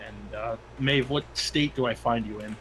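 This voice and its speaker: A man's voice: mid-range voice, moderate pace, background noise. A man playing a tabletop game, talking in a rambling, casual way. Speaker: player.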